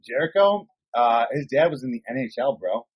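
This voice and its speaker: A man co-hosting a podcast, chatting casually, rambling excitedly and swearing often. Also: mid-range voice, moderate pace, slight background noise, low-quality recording. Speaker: podcast co-host. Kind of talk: casual chat.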